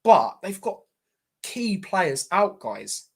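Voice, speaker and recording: A man's voice: high voice, sing-song, takes it slowly, vocal fry. A young man hosting a live football watchalong as a fan, chatty and exasperated, calling his viewers "mate" constantly.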